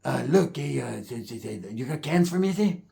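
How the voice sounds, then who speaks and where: Gravelly man telling a slangy street story. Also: mid-range voice, moderate pace. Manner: slangy, animated, acts out other characters' voices. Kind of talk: comedic storytelling monologue.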